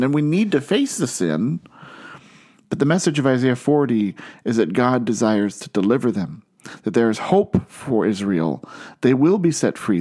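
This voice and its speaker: A man preaching a sermon in an earnest way, slowing down and lifting his voice on key phrases. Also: medium pitch, darkish tone. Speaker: pastor.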